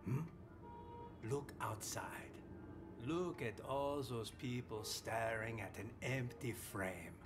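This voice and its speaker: An actor playing a haughty male artist in a game, talking theatrically with sighs and hushed asides. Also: medium pitch, a little hiss or hum. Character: haughty male artist, disdainful of the art crowd. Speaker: game character.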